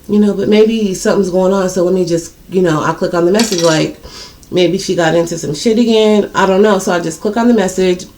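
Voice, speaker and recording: A woman's voice: on the low side, fairly quick, darkish tone, slight background noise. Blunt, slangy woman telling a story. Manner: blunt, profane, addresses viewers directly; slangy, repeats words for emphasis. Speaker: storytime vlogger. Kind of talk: casual storytelling to viewers.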